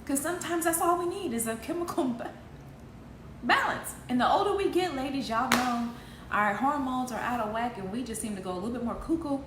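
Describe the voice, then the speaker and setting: A woman in her forties hosting an online faith talk, preaching passionately, swinging between loud emphasis and soft asides and laughing often. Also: sits high, lively intonation, fairly quick, reverberant, background noise. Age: 40s.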